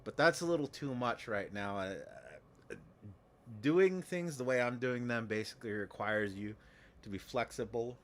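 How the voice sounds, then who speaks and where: A man's voice: on the low side, slight background noise. A man streaming a game in casual commentary, rambling and joking with many restarts and repeated words.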